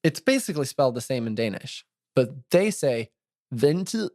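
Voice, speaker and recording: Animated podcast co-host. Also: mid-range voice, brisk. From Norway. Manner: animated, enthusiastic storyteller. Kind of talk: casual chat.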